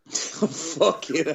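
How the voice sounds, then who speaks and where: A man's voice: on the high side, gravelly, husky. A man co-hosting a podcast, telling crude jokes and stories in casual banter. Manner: crude, joking, storytelling. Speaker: podcast co-host. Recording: dull lo-fi sound.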